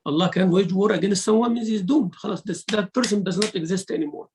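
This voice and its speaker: Sheikh w giving a lesson, gravelly fairly high voice, quotes verses fast then explains. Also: male voice, background noise. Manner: mixes Arabic recitation into English teaching, acts out rude and polite speech. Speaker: sheikh teaching Quran commentary. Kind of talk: religious lesson.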